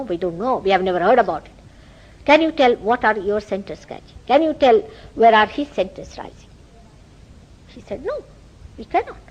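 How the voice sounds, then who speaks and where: A woman's voice: fairly high pitch, dull audio. A woman with an Indian accent giving a spiritual lecture, telling stories and acting out quoted dialogue. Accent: Indian English. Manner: animated storytelling, acts out quoted dialogue. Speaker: spiritual teacher.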